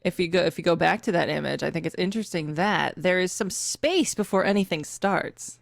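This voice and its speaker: A woman co-hosting a casual game podcast, excitable and swearing freely. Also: fairly low pitch, brisk, gravelly, no echo, studio quality. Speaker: podcast co-host. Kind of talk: casual chat.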